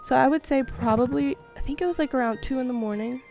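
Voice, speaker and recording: A young woman streamer telling a long story in a casual, animated way, full of fillers and quick laughs. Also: high-pitched, gravelly, soft background music. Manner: animated, chatty, many fillers, laughs often. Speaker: gaming streamer.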